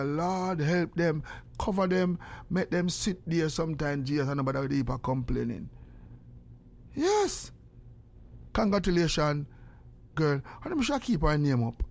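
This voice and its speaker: Older Jamaican man, lively storyteller who acts out quotes, a bit high voice. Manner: animated, acts out quoted exchanges. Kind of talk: casual storytelling and prayer.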